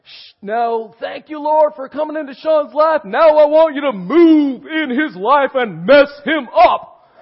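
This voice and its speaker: A man voicing an intense, excited big male pastor who prays loudly and fervently. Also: extremely slow, few pauses, dull audio, heavily acted. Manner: fervent, booming prayer.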